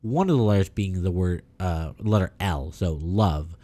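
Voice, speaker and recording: Lively, storytelling podcast man. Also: sits low. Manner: animated storytelling, quick asides. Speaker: podcast co-host. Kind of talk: casual chat.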